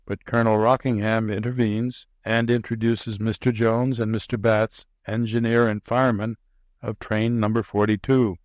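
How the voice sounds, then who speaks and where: A man narrating a classic short story in a measured, unhurried reading voice. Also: fairly low pitch, flat delivery, dry recording. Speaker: audiobook narrator.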